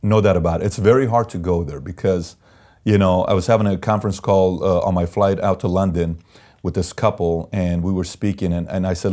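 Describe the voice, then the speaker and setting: A man's voice: deep voice, steady tone, a little fast, dark tone. A man speaking as an interview guest, telling personal stories in an emphatic, candid way and repeating phrases for effect. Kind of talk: candid conversational storytelling.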